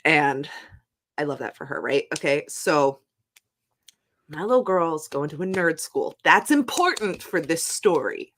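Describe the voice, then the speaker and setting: A woman in her thirties co-hosting a casual chat podcast, telling stories with a laughing, animated delivery. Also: measured pace. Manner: animated, laughing storyteller who jumps between high and low pitch. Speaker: podcast co-host.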